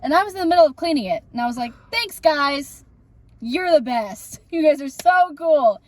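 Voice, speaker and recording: Chatty young woman, fairly high voice. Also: lively intonation, moderate pace, a little hiss or hum. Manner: chatty, rambling with fillers. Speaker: podcast co-host. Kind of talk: casual storytelling chat.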